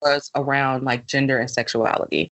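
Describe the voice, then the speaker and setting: A woman's voice: a bass voice, normal speed. A woman hosting a podcast, chatting casually and easily with lots of fillers. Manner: relaxed and conversational, with many fillers. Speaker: podcast host.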